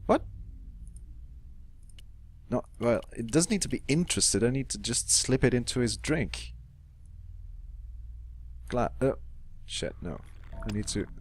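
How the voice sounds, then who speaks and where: A man's voice: lowish voice, slight background noise. Joking young man playing a game. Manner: joking, swearing, muttering to himself. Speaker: let's play host. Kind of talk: casual game commentary.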